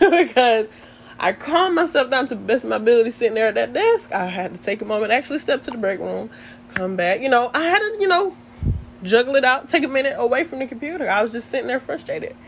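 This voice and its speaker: A young woman, chatting casually to her viewers and telling an animated story. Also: sits high, vocal fry, a little hiss or hum. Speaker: vlogger.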